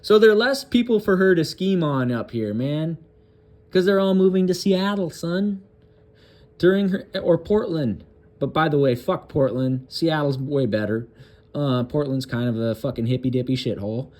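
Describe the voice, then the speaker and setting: A man with a somewhat high voice reads a news story aloud in a loose, halting way and keeps stopping for crude, sarcastic, profane asides. His reading is casual and unpolished. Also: darkish tone. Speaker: political commentary host.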